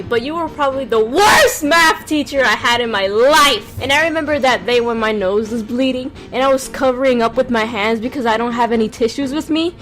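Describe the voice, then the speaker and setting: A young woman with a high voice tells a casual storytime for an animated video. She rants sarcastically and bursts into loud acted quotes, with faint music under her. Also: normal speed, hardly any pauses.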